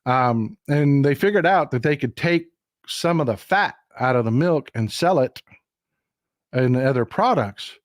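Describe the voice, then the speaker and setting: A middle-aged livestream host from Texas chats casually, telling folksy stories with a chatty, emphatic flair and a Texan accent. His medium-pitched voice comes through clean studio sound with a dry recording.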